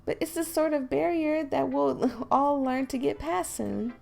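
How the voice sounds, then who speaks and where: A woman's voice: sits high, measured pace, vocal fry, soft background music, voice pushed up, exaggerated voice. Monika, a woman doing a sweet club president. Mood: gentle. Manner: soft, sweet and friendly. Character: poised gentle teen girl, club president. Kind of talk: voice acting a visual novel.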